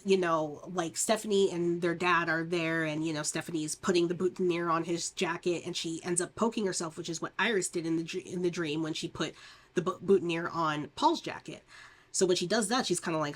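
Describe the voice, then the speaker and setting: A woman with a slightly low voice runs through a horror plot in a casual, rambling way. She fills the talk with fillers and restarts, laughs often and puts on the characters' lines as she goes. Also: steady tone, brisk. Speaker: horror movie reviewer.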